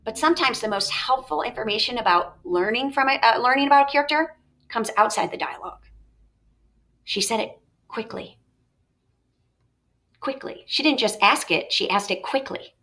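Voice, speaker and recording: A woman teacher walks through a recorded lesson, explaining each step and thinking aloud with questions. Her voice is bright and clear. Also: a little high, animated, normal speed, long pauses.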